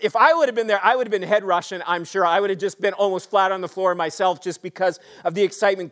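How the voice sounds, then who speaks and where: A male pastor preaching a sermon to his congregation, swinging between excited, raised passages and hushed, quiet emphasis, with frequent rhetorical questions. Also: high voice, fast, few pauses. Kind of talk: Easter sermon.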